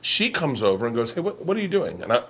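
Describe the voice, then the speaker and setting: A man's voice: medium pitch, fast, breathy edge. Middle-aged male host, comic storyteller, swears freely and acts out the other voices in his tales. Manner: animated, profane, acts out others' lines. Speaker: podcast host. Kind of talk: comic storytelling in casual chat. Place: home kitchen.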